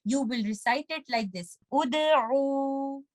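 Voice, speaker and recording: A woman's voice: a little high, lively intonation, moderate pace, no room sound, rough recording. A woman teaching Quran recitation rules in a patient, methodical lesson, breaking words down syllable by syllable. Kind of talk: step-by-step tajweed lesson with recited examples.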